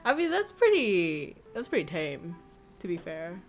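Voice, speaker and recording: A woman's voice: lowish voice, wildly swooping pitch, a little slow, soft background music. A woman streamer in casual chat who laughs often and swears casually.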